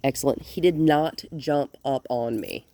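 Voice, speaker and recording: A woman's voice: very deep voice, unhurried, dark tone, dry recording. A woman dog trainer giving hands-on instruction, explaining plainly and switching to cheerful, coaxing talk with the dogs.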